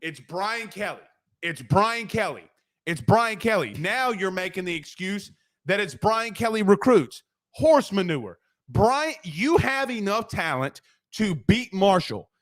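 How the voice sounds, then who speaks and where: A man with a high voice hosts a postgame sports show. He rants in a brash, profane, rapid-fire way, fired up and hammering each point. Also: expressive, a bit bright. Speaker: sports talk show host.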